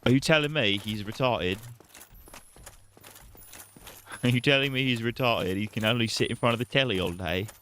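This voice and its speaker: Brief: streamer doing a ranting British dad in a wobbly put-on accent, bright and pushed voice. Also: male voice, mid-range voice, moderate pace, long pauses, slight background noise, natural voice. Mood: blustering. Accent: put-on British, drifting toward Irish. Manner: blustering, ranting, exaggerated disbelief. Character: exasperated British dad, middle-aged man, loud and blustering.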